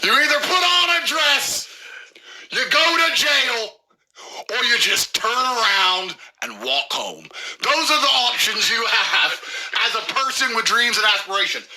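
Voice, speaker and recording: High animated man ranting. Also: measured pace, low-quality recording. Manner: animated mock-serious ranting, swearing. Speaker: podcast co-host. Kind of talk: comedic podcast banter.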